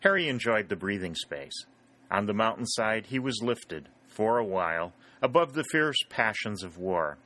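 Male audiobook narrator, measured, lowish pitch, bright forceful tone. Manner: even, measured storytelling. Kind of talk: scripted narration.

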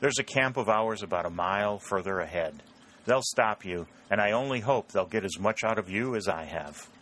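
A man's voice: on the low side, expressive, normal speed, a bit bright, a little hiss or hum, rough recording. A man voicing a shrewd, wheedling army lieutenant. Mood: vexed. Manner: wheedling, vexed.

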